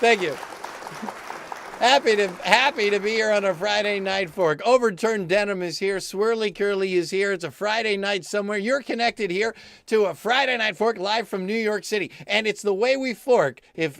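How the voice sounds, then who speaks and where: High gravelly dude hosting a goofy live show, rambly and pompous. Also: male voice. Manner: rambling, mock-pompous, bursts into song. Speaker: host.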